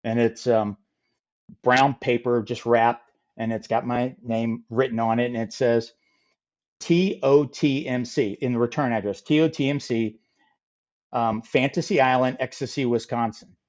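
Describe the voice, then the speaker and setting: A middle-aged man telling a funny story as a podcast guest, lively and acting out the people in it. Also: medium pitch, a little slow, highs cut off. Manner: animated, acts out quoted voices. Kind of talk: casual storytelling.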